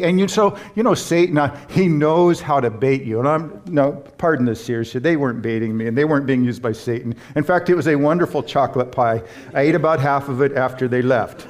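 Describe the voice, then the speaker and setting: A man's voice: fairly high pitch, a little mellow. A man preaching a sermon, emphatic and stressing key words, with humorous asides and short stories. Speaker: pastor.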